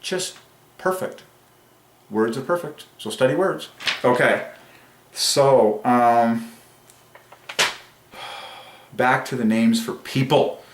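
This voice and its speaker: Man, solo religious monologue, excitable, emphatic, drawn-out phrases, mid pitch, roomy echo. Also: slight background noise. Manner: emphatic and excitable, drawing out key phrases slowly. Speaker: religious channel host.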